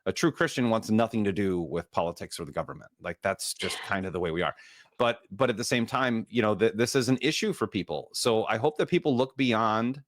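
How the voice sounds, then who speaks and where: A man hosting a podcast interview, giving opinions in a rambling, measured way. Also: fairly low pitch, expressive, no room sound, clean studio sound. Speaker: podcast host. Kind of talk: conversational interview.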